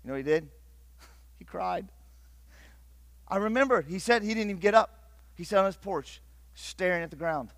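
A middle-aged man from Northeast Ohio preaching a sermon, swinging between loud urgent bursts and hushed, intimate passages. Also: high-pitched, lively intonation, moderate pace, pauses often, no echo. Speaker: pastor.

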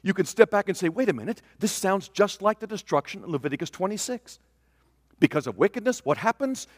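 A man preaching a sermon, swinging from loud declarations to hushed asides. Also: sits high, lively intonation, a little fast, studio quality. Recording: long reverb of a large hall.

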